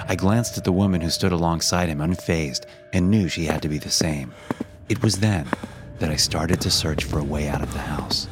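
A man narrating a first-person horror story with a measured, dramatic delivery. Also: sits low. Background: music.

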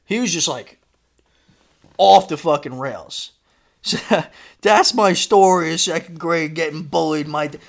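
A man with a slightly high voice tells a story on a casual podcast. He talks in an animated way and acts out the shouted lines of the people in it. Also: measured pace, creaky. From Florida. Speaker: podcast host.

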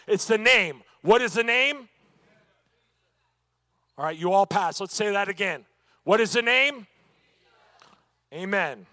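A man's voice: high-pitched, fairly bright tone, no echo. A man teaching a church Bible lesson, emphatic and dotted with "amen" and rhetorical questions.

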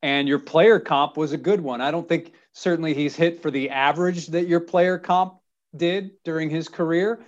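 A male host leads a relaxed interview, asking questions and reading through lists. His voice sits a touch high, and the recording sounds dull and lo-fi. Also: moderate pace. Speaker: podcast host. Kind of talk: casual interview.

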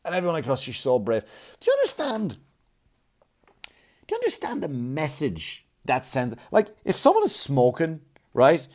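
A man's voice: fairly high pitch, huge pitch swings, normal speed, darkish tone. A man on a blunt, profane comic rant, arguing and mocking as he goes. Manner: blunt, swearing, argumentative, mocking.

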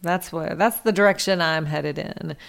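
A woman's voice: fairly low pitch, normal speed, vocal fry, fairly bright tone. A woman in her thirties co-hosting a podcast, in casual chat with wry jokes and playful asides. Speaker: podcast co-host.

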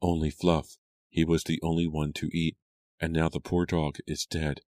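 A man reading an audiobook, voicing a gentle, earnest young woman in a soft voice close to his own. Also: rumbling low, level tone, moderate pace, dry recording. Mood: distressed. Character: gentle young woman, dog-loving sister.

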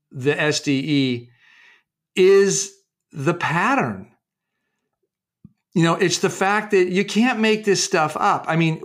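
A man with a fairly high voice talks as an interview guest about his research. He tells case stories in a halting way, with many restarts and fillers, and acts out the people he quotes. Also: fairly bright tone.

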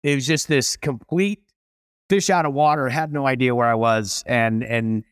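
A middle-aged man, a chef and restaurateur, telling stories as an interview guest in a lively, animated way. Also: medium pitch, moderate pace, clean tone, dry recording, studio quality. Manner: animated, acts out voices in stories. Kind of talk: storytelling interview.

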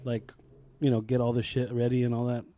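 A man's voice: medium pitch, monotone, fairly quick, warm tone. A young man co-hosting a casual podcast chat, telling stories through bursts of laughter and swearing freely. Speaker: podcast co-host.

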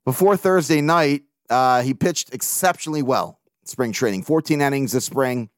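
This podcast host speaks at a moderate pace in a mid-range voice, with no room sound and a clean studio quality. He tells stories casually, meandering, cursing, and mocking himself as he goes.

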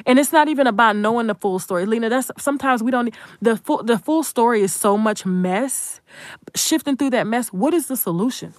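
A woman's voice: a little high, fairly quick, no echo, studio quality. A young adult woman content creator giving a blunt, profane, emphatic commentary rant.

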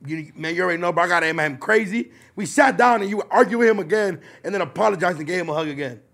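A man with a high voice talks fast and keeps cutting into the argument. He jokes, repeats himself, and pushes to get his story in. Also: creaky, fairly bright tone. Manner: interrupts, repeats "hold on", jokey. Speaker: podcast co-host. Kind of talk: fast casual banter.

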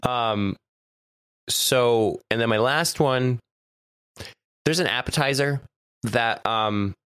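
A man's voice: mid-range voice, slow, fairly bright tone, clean tone, no room sound, clean studio sound. A man co-hosting a podcast in casual chat, a little stuffy, chatty and laughing often. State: stuffy nose. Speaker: podcast co-host.

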